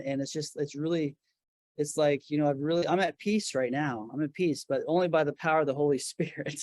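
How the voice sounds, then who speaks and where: A man's voice: fairly high pitch, brisk, a little mellow, dry recording. A middle-aged man talking casually about his record label and faith in an interview from his office, earnest and full of restarts. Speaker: guest, record label founder.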